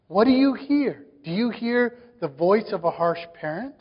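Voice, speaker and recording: A man with a high voice delivers a sermon, his emphasis rising through run after run of questions. His voice rings with a long reverb, and the recording has a dull, muffled tone. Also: a little slow, few pauses. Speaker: pastor.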